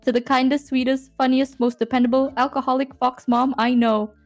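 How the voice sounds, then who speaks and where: A woman's voice: sits high, little pitch movement, brisk, soft background music. A young woman from Southeast Asia chatting casually on a stream call, teasing and then reading a heartfelt letter aloud. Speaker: guest streamer.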